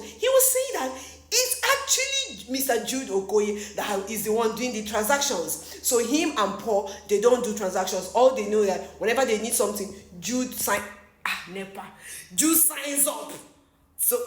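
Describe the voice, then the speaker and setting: A woman with a Nigerian accent giving casual gossip commentary as an entertainment news vlogger, animated and exclamatory, laughing often and slipping into pidgin. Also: mid-range voice. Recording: echoey room.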